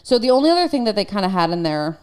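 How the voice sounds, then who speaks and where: A woman's voice: mid-range voice, very animated, very fast, clean tone. A woman in her thirties co-hosting a casual podcast, telling the story in a chatty way with many fillers. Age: 30s. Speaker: podcast co-host.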